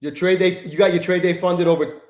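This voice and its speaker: A man's voice: high-pitched, fairly even intonation, fairly quick, darkish tone, roomy sound. A man talking through trades on a live stream, swearing often, muttering in frustration and greeting viewers by name. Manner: profane, exasperated muttering, greets chat by name. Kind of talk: live-stream trading commentary.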